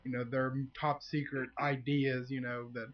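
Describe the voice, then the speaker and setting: A man's voice: mid-range voice, little pitch movement, normal speed. Joking man hosting, muffled sound. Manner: loose, joking, many "you know" fillers. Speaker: podcast host. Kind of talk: casual podcast chat.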